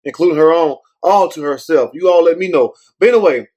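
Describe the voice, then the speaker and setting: Guy ranting on his own commentary show, kinda high voice, swears a lot, keeps saying but anyway. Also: a little fast, a little mellow. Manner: rambling, repeats "but anyway"; blunt, profane. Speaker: show host. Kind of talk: casual commentary.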